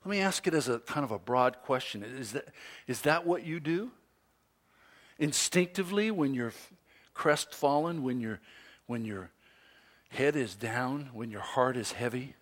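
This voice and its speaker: A man preaching a sermon, swinging from loud, emphatic stresses to soft, low asides. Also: animated. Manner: slow, deliberate delivery with pauses. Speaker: pastor.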